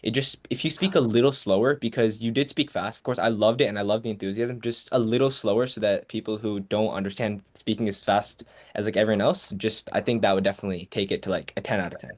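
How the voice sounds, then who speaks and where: Teen boy, lowish voice, casual, encouraging, lots of fillers, video call. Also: steady tone, fast talker, hardly any pauses. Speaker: workshop presenter. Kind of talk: online workshop feedback.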